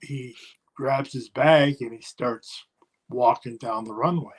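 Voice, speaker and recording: An older man, a former pro wrestler, telling a road story in a casual interview and acting out other people's yelling. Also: mid-range voice, slow pace. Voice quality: gravelly, husky.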